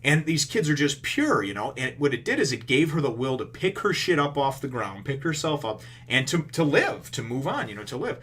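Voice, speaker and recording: This manga reviewer gives a casual, rambling recap of a chapter, packed with fillers and the odd curse word, acting out characters' lines in quick paraphrase. His voice is medium-pitched with big pitch swings, a bit bright and slightly rough.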